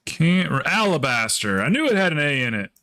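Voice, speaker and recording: A man's voice: on the high side, a little fast. A man streaming a game, chatting casually, rambling and cursing, with lots of laughs and mimicry. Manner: rambling and profane, with frequent laughs; animated, mimics others in quotes. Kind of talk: casual livestream chat while gaming.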